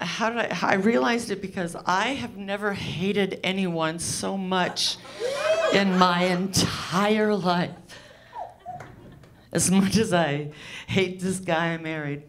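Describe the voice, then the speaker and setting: This live club stand-up set, with a little hiss or hum, features a woman whose medium-pitched voice is a bit bright. Her crude, rambling, loose routine is self-mocking, and audience laughter is audible.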